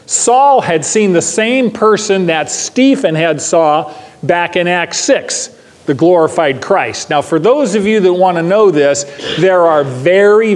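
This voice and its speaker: Older male pastor, sermon, emphatic and repetitive, high voice with long room reverb. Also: a little mellow. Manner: emphatic, repeats key phrases, asks the class questions. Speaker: pastor teaching a Bible class.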